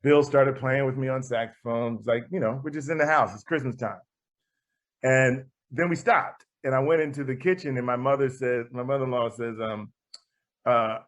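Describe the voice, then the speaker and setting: A man, a guest jazz musician, telling anecdotes in a relaxed interview. He acts out the voices of the people he quotes and laughs often. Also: medium pitch, brisk, lo-fi sound.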